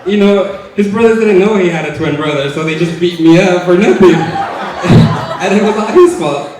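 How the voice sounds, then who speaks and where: A man's voice: high voice, normal speed, a little mellow. A young man in his twenties giving a chatty, joking wedding toast for his twin brother, laughing between lines. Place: large hotel banquet hall. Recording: very echoey banquet hall, distant mic.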